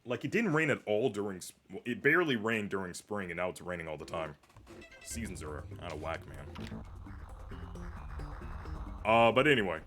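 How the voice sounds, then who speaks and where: A young man talks over his gameplay in a loose, rambling way, full of fillers and restarts. His voice sits on the low side. Game music plays clearly underneath him. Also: lively intonation, moderate pace, long pauses, fairly bright tone. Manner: rambling, filler-heavy chatter. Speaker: streamer. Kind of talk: casual gameplay commentary. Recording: music playing behind.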